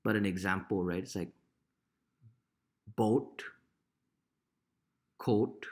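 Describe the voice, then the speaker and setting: A man, teaching vowel sounds in a casual, unhurried way and often asking "right?". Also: deep voice, a little mellow. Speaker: language teacher. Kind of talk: casual pronunciation lesson.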